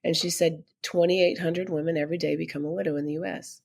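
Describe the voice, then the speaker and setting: A middle-aged woman, a podcast guest, telling a personal story earnestly and growing animated when she quotes others. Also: deep voice, fast talker, creaky.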